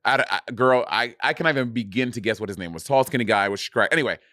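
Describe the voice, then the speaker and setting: A man's voice: mid-range voice, fast, sharp tone, no room sound, studio quality. A man co-hosting a casual podcast over a video call, talking loosely and swearing freely. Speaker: podcast co-host. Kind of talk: casual chat.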